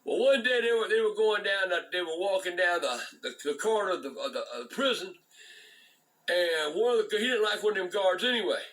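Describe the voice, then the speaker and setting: An older man with a high, sharp voice spins a rambling, foul-mouthed tale. He restarts phrases again and again and curses in almost every sentence. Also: lively intonation, fairly quick, low-quality recording. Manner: swears constantly, repeats and restarts words. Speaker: storyteller, channel host. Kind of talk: profane rambling storytelling.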